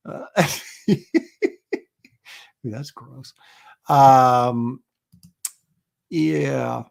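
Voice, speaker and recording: A man's voice: medium pitch, unhurried, gravelly, long pauses. A middle-aged man hosting a casual livestream, rambling and chuckling as he reads viewer comments aloud. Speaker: livestream host.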